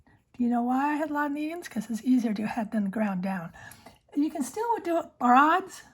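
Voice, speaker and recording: A woman's voice: sits high, expressive, moderate pace. A woman vlogger chatting about her fountain pens, rambling with many fillers and self-corrections, often dropping to a whisper. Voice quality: breathy, frequently whispering. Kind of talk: casual show-and-tell, often whispered.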